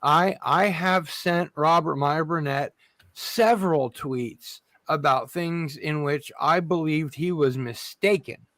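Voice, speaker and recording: A man moderating a livestream panel debate, speaking slowly and asking the others to stay civil. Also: fairly high pitch, no room sound. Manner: slow and measured, calling for calm.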